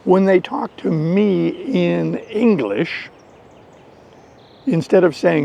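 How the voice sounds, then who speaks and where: An American man telling a story slowly and deliberately in an English lesson for learners. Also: a little high, lo-fi sound. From United States. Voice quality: gravelly. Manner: slow, deliberate, animated storytelling. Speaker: English teacher.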